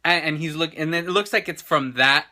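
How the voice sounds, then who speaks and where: Male vlog host, 30s, very bright tone, excited rambling chatter with restarts, handheld camera indoors. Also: on the high side, brisk. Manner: rambling and enthusiastic, many restarts and fillers. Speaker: show host. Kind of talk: casual chat.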